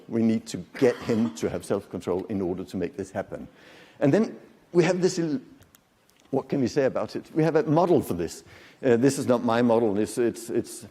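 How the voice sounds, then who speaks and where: A man's voice: mid-range voice, mellow. Man in his fifties lecturing in a reverberant hall. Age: 50s. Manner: conversational, joking, quizzes the audience. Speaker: conference lecturer. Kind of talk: live lecture to an audience. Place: large conference hall.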